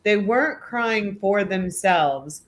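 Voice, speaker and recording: A man's voice: high voice, lively intonation, a bit bright. A man hosting a live stream, chatting with callers and retelling what struck him in an easygoing way. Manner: easygoing, encouraging, drawn-out retelling. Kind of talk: casual stream chat.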